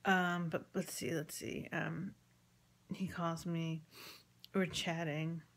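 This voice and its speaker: A woman with a slightly low voice recounts a personal family story in a loose, rambling way. She acts out each side of the conversations she quotes and fills her pauses with ums. At times her voice sinks to a hushed, half-whispered murmur. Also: little pitch movement. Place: at home with chickens nearby.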